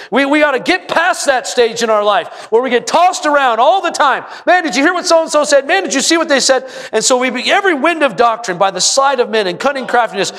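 High-voiced preaching man, echoing church. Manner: preaches with rising emphatic repetition, sometimes shouting. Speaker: pastor. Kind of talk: sermon. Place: church sanctuary. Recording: long hall reverb.

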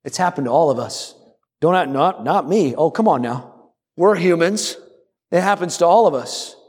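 A man with a high voice preaches an animated sermon, calling on his congregation to join in. His words carry a long reverb from the hall around him. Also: moderate pace. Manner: animated, calls on the congregation to respond. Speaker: pastor.

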